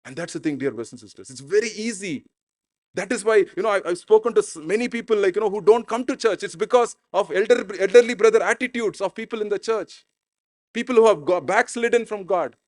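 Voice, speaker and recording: Man, pastor, casual conversational sermon, high voice, dry sound. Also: fast talker, no room sound. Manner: informal, conversational preaching. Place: church.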